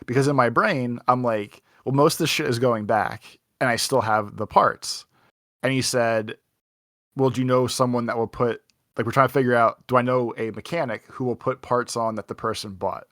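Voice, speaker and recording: Young dude rambling thru a story on a podcast, lots of "like", dry mic, no room. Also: male voice, mid-range voice, fairly even intonation, moderate pace, fairly bright tone, no room sound. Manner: rambling anecdote with lots of "like" and quoted dialogue. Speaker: podcast co-host. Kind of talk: casual storytelling chat.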